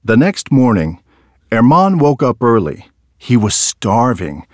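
A man narrating a storybook tale in a slow, expressive reading. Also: medium pitch, no echo, clean studio sound.

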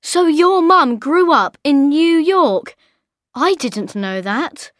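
A woman's voice: high-pitched, expressive, slow pace, fairly bright tone, dry recording. A woman asking curious follow-up questions in a scripted language-course dialogue. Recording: dry studio recording.

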